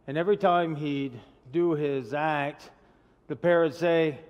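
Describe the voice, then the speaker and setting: A man's voice: fairly high pitch, fairly even intonation, a little slow, darkish tone, smooth, highs cut off. A man preaching a casual sermon as pastor, chatty and asking the congregation questions. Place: church sanctuary. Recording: long church hall reverb.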